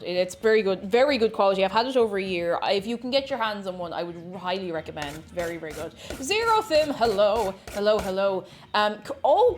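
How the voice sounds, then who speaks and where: A woman's voice: on the high side, slight background noise. A woman, a variety streamer chatting casually with her chat while she bakes, greeting viewers by name and laughing often.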